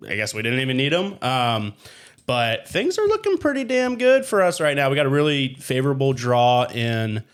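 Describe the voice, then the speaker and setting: An easygoing man from the United States chats on a podcast segment. His voice sits at a middle pitch, and he rambles along with plenty of fillers. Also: huge pitch swings, normal speed, smooth. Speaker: podcast co-host. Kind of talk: casual chat.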